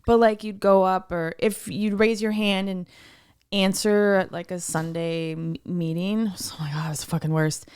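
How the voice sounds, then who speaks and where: A woman's voice: mid-range voice, steady tone, normal speed, darkish tone, clean tone. A woman co-hosting a podcast in casual chat, giggly and rambling with frequent restarts. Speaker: podcast co-host.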